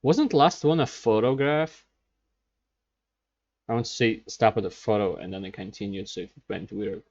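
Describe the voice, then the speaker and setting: A man's voice: lowish voice, moderate pace, dull audio. A man giving casual reaction commentary with dry, skeptical quips. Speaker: reaction streamer.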